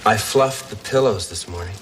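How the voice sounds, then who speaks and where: A man's voice: on the low side, moderate pace, background noise, close to an everyday voice. An actor playing a wry, dry-witted father in a studio sitcom, delivering teasing wisecracks. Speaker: sitcom lead.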